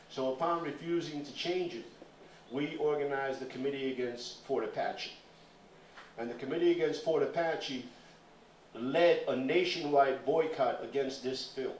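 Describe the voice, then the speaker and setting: Older man, Nuyorican accent, live storytelling, salty and animated, roomy stage sound, mic at a distance. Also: medium pitch, a little hiss or hum. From Puerto Rican New York. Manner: animated, profane, conversational. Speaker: spoken word performer. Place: stage at a small performance café.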